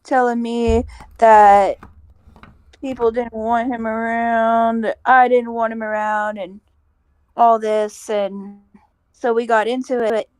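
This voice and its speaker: A woman's voice: fairly high pitch, flat delivery, slow pace, a little mellow, no room sound. A woman co-hosting a casual podcast, bluntly retelling a story with quoted dialogue and swearing. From American Midwest. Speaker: podcast co-host.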